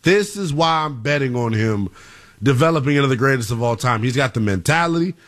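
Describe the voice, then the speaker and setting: A man hosting a sports talk radio show, excitable and emphatic as he talks to callers. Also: medium pitch, brisk.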